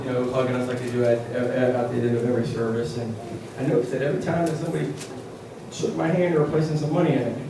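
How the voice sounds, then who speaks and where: A man preaching a sermon who shouts his emphatic lines and tells stories with many fillers. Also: mid-range voice, level tone, fast, vocal fry. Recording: echoey church, distant mic, background noise.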